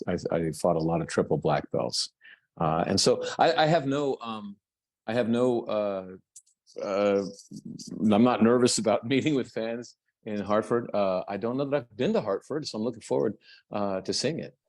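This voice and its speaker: Older American man, low-pitched, lively self-mocking guest. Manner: animated, self-deprecating, quick to laugh. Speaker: actor guest. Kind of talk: casual interview chat.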